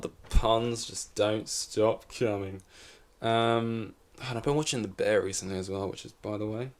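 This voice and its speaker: Rambling, lower-voiced podcast guy. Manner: rambling, self-correcting, swears casually. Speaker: podcast host. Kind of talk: casual solo chat. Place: in front of a camera.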